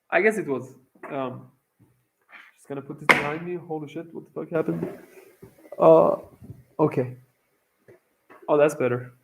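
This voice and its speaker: A man's voice: a little high, slow pace, gravelly, long pauses, a little hiss or hum, rough recording. A young man from Iran telling a long personal story in a casual, profane, rambling way, with lots of fillers. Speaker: vlogger.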